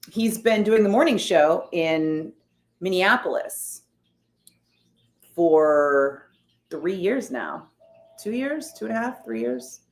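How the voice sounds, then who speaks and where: A woman streamer chatting casually as she reads out and answers her viewers' messages, with wry, sarcastic asides. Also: on the low side. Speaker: streamer reading chat. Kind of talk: casual chat. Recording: roomy echo.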